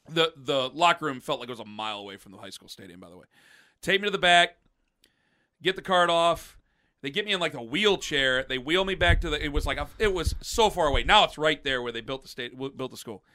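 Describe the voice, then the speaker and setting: A man's voice: a little high, clean tone. A man hosting a podcast, telling a long personal story in casual chat and acting out what others said. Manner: animated, acts out quotes of others. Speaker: podcast host.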